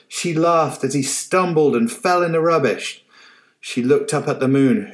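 A man reading his own short story aloud in a soft, low-key storybook narration.

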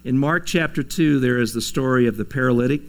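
This is a male pastor with a mid-range voice and a brisk pace, giving a sermon in a church sanctuary. He talks to the congregation conversationally, laughing softly at times and performing the lines he quotes.

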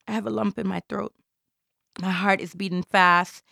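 A woman from Jamaica delivers an intense, theatrical spoken-word monologue. Her voice has a gravelly, creaky texture. The recording is dry and close, with no room sound. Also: mid-range voice, fairly even intonation, moderate pace, pushed and bright, no echo. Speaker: performer.

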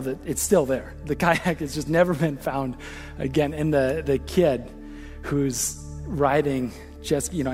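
A man preaching a sermon as pastor, swinging from impassioned calls to a soft, hushed prayer. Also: medium pitch, long reverb tail.

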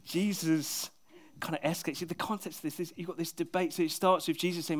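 A man delivers a sermon, talking to his listeners in a loose, conversational way. His voice sits fairly high for a man and swings between quiet asides and sudden bursts of energy. He reads scripture aloud and keeps the tone lively. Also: quick pace. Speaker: preacher.

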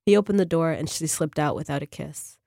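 A woman, a fiction writer, reading her own short story on a radio program in a measured, even way. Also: low-pitched, creaky, no room sound, clean studio sound.

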